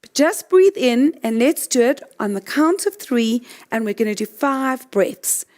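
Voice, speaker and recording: Woman, high voice, middle-aged, gentle guided breathing coach, interactive. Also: expressive, unhurried. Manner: gentle, interactive, guiding the listener through exercises. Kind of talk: guided breathing talk to an online audience.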